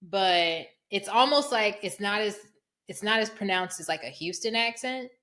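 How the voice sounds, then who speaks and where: Host: Midwestern-accented woman, relaxed and chatty, bright tone, laughs easily. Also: mid-range voice, moderate pace. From Midwest US, Iowa. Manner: relaxed, laughs often, thinks aloud. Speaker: podcast host. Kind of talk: casual chat.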